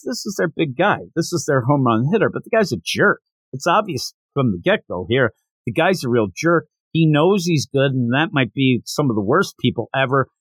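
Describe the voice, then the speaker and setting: A man's voice: mid-range voice, no room sound. A man hosting a podcast, giving a casual, opinionated manga review as he recaps scenes.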